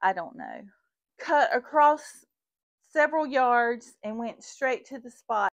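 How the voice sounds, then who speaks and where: A middle-aged woman who owns a vintage shop and vlogs tells a story while working in her shop booth, chatting to viewers and calling them y'all. Her voice is a little high and animated, and she speaks at a slow pace. The recording is muffled, with no room sound.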